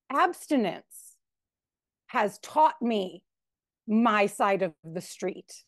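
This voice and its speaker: A woman in her forties telling her recovery story at a twelve-step meeting, candid, animated and emotional. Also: mid-range voice, drawn-out words, pauses often, dry recording, studio quality. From Chicago area. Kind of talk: personal share at a recovery meeting.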